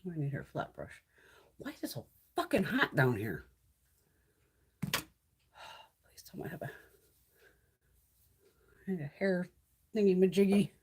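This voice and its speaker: A woman's voice: fairly low pitch, huge pitch swings, a little slow, pauses often, a little hiss or hum. A woman beauty vlogger chatting casually on a live stream while doing her makeup, blunt and full of swearing.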